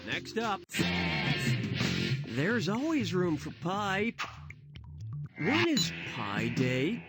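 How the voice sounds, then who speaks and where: A man voicing a snarky quiz show host, tossing off sarcastic asides over loud game music. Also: high-pitched, huge pitch swings, heavily acted. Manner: sarcastic, quick-witted asides. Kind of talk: comedic quiz game hosting.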